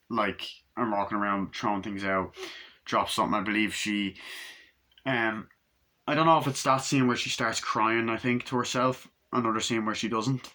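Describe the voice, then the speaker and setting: A young man talks through a film review in a loose, rambling way, full of fillers and casual swearing. His voice sits fairly low but sounds bright and forceful.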